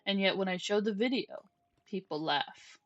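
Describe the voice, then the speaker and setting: A young adult woman streams a game and chats casually in a mid-range voice at a moderate pace, with no room sound. She tells chatty, rambling stories that keep restarting and coos gently at her pet. The dull lo-fi stream mic also catches some faint music.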